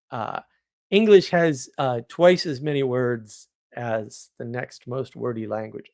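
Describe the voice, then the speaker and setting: A man's voice: a little high, dry recording, studio quality. A man hosting a casual livestream, reading viewer comments aloud and answering them in a wry, argumentative way, laughing often. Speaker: livestream host.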